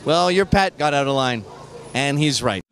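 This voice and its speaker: A man's voice: medium pitch, animated, moderate pace, vocal fry, a bit bright, slight background noise. A man hosting a talk show who speaks bluntly, crudely and mockingly. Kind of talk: casual chat, opinion monologue.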